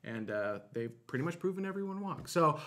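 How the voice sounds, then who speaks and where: A man's voice: a little high, very animated, fairly quick, fairly bright tone. A man co-hosting a live online space show, chatting casually and explaining space news with plenty of fillers and restarts. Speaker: show co-host.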